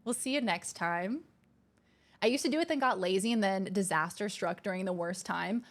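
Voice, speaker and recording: A woman's voice: medium pitch, normal speed. A woman streamer chatting casually and thanking viewers in a bubbly, talkative way. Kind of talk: casual live-stream chat.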